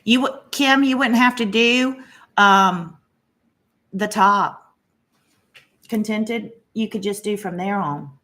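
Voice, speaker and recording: A middle-aged woman hosting a flosstube video chats casually and gushes over her cross-stitch haul, with plenty of fillers. Her mid-range voice is bright and forceful, moving slowly with frequent pauses.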